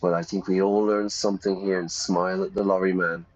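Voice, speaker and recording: Man, English teacher, casual let's-play, explains words, lowish voice, slightly dull sound. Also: flat delivery, a little fast, darkish tone. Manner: chatty, reads game text aloud and explains words. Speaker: English teacher playing a game.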